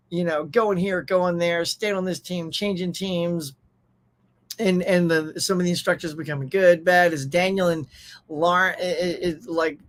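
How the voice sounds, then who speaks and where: Running a live pop culture stream, this American man chats casually in a high-pitched, slightly bright voice. He keeps things upbeat, reads out viewer names and chat, and laughs a lot.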